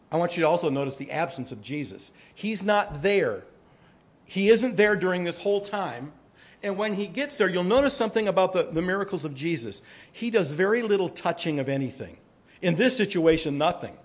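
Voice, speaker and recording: Man, pastor, sermon, fairly high voice, dramatic swings from hushed to booming. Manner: speaks directly to the congregation.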